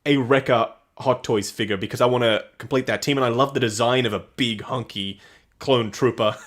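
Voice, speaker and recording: A man's voice: mid-range voice, normal speed, fairly bright tone. A man co-hosting a casual livestream, chatting with enthusiasm and reading out viewer comments. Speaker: livestream co-host.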